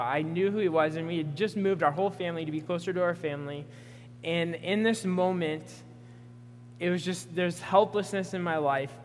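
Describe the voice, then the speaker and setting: A young man gives an earnest sermon and tells a personal story, with fillers scattered through his talk. His voice sits a little high. The sound rings with a long hall reverb over a faint hum. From Pacific Northwest US. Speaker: preacher.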